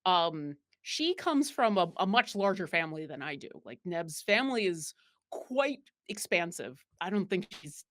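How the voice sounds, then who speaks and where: A woman's voice: lowish voice, big pitch swings, a little slow, a bit bright. A woman from Buffalo, New York, talking as a guest in a casual interview, rambling with fillers and restarts. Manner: rambling, many fillers and restarts, laughs easily. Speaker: guest player.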